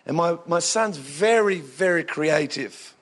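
Australian preacher with a high voice, working the congregation with lively comic stories. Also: male voice, a little slow. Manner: animated, jokey, swings into bursts of excitement. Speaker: pastor. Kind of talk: humorous storytelling sermon.

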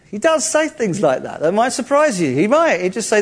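A man preaching to a congregation in an animated, chatty way, cracking jokes as he goes. His voice sits a little high for a man. He acts out the people he quotes. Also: moderate pace, few pauses. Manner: lively, jokey, conversational, acts out quotes. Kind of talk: sermon.

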